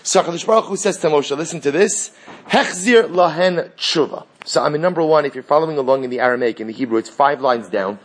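A man teaching a Talmud class in an animated way, acting out the exchanges he reads and asking rhetorical questions. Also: fairly high pitch, fast talker.

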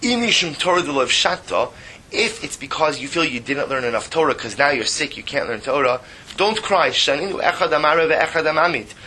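A man teaching a text study class, reading passages aloud and explaining them in a lively way, often repeating phrases and adding emphatic asides. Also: on the high side, fairly quick, a little hiss or hum.

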